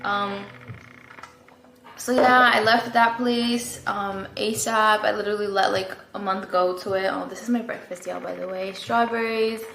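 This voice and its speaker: A woman's voice: medium pitch, fairly even intonation, a little slow, creaky, a bit bright, slight background noise. A young woman vlogger telling a story-time update in a casual, rambling way, full of fillers and "like", from her apartment. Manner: chatty, rambling, lots of fillers and "like". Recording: echoey room, faint ambience.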